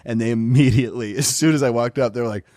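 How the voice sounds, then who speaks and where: A man's voice: medium pitch, fast talker, darkish tone, no room sound, clean studio sound. A man co-hosting a podcast, telling stories and teasing his co-host in a crude, laughing way. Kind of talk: casual storytelling chat.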